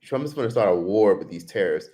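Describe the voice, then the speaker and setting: A man's voice: fairly low pitch, animated, quick pace, warm tone. A man casually chatting on a live stream, reading viewer comments and answering with loose, profane talk. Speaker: vlogger.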